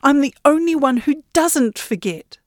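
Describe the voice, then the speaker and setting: An anxious young woman outcast, voiced by a woman storyteller, her words coming out high and urgent, defiant one moment and pleading the next. The voice is clearly pushed above the storyteller's own. It is dry and close to the mic. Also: animated, measured pace, darkish tone, no echo.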